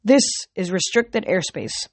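A woman's voice: mid-range voice, big pitch swings, measured pace, no echo. Smarmy vain wind-god youth, as a woman reads him.

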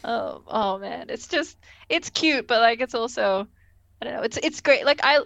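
Giggly chatty woman, high voice. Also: animated, gravelly, fairly bright tone, dry recording. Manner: giggly, chatty, quick acted quotes. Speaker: podcast co-host. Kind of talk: casual chat recapping a TV episode.

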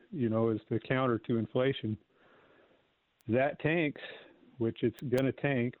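A man's voice: fairly low pitch, dry recording. A man calling in to a radio show, rambling and wry, with lots of fillers and restarts. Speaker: caller. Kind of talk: call-in radio talk. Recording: dry, tinny phone line.

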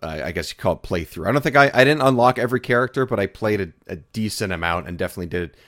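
A man's voice: fairly low pitch, lively intonation, rapid-fire, fairly bright tone. A man guesting on a gaming podcast, chatty and easygoing, laughing often. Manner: chatty, laughs easily, many restarts. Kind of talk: casual gaming chat.

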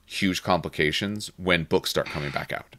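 Deep-voiced man in opinionated chat. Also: normal speed, pushed and bright, no room sound. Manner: opinionated, rambling with restarts. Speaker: podcast host. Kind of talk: casual gaming chat.

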